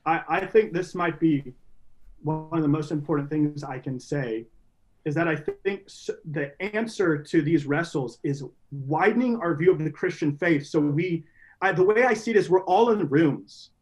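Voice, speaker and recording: Earnest, slightly high-voiced young man. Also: animated, normal speed, poor audio. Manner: earnest, rambling with restarts and "you know". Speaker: podcast guest. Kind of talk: reflective conversational interview.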